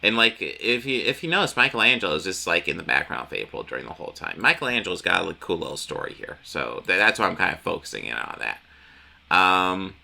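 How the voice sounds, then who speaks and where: A man's voice: deep voice, big pitch swings, fairly quick, gravelly, sharp tone. A man casually recapping a comic book issue, rambling with frequent restarts and the odd swear word.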